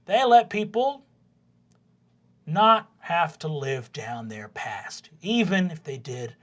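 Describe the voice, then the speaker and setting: A man voicing a gruff, folksy middle-aged male sports coach in a tabletop game. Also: on the high side, sing-song, slow pace, a bit bright, heavily acted. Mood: lecturing.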